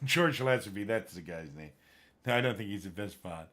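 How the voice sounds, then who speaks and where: Male streamer, lowish voice, casual rambling chat that flares up now and then. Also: lively intonation, moderate pace, a bit bright. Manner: rambling, gets worked up, trails off searching for names. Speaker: livestream gamer chatting with viewers.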